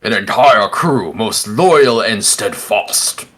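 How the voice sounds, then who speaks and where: A man's voice: lowish voice, lively intonation, fairly bright tone, heavily acted. A man putting on a pompous hippo captain. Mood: grand. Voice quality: pompous, slow and grand. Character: huge pompous male hippo ship captain.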